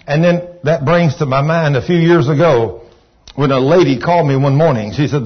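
A man's voice: fairly high pitch, moderate pace, slightly rough. A Texan man preaching a sermon, folksy, rambling and enthusiastic. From Texas. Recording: dull lo-fi recording.

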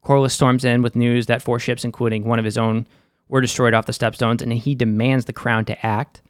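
A man's voice: mid-range voice, flat delivery, fairly quick, no echo, clean studio sound. A young man with a Boston accent hosting a casual, slangy and opinionated episode recap. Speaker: show recap host.

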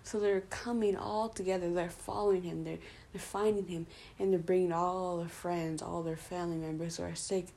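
A Bible study presenter, a woman whose slightly low, mellow voice has vocal fry, goes through scripture informally. She pauses to fill gaps while thinking aloud and corrects herself, keeping the retelling loose and conversational.

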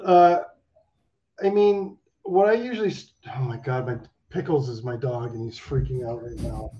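A man talking in a casual video-call chat, animated and rambling, swearing freely with lots of fillers. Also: medium pitch, normal speed, lo-fi sound. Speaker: animation director, guest.

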